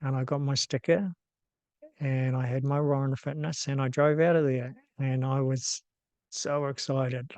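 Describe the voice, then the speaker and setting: A man in his fifties with a New Zealand accent, hosting and telling a personal story in a casual, unhurried way, with frequent ums and restarts. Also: mid-range voice, little pitch movement, a little mellow, no echo. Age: 50s. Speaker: host.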